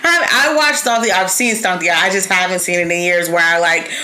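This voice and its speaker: A woman's voice: fairly low pitch, fairly quick, poor audio. A woman co-hosting a podcast, chatting expressively about a TV show. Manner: expressive, laughs often. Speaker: podcast co-host. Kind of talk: casual review chat.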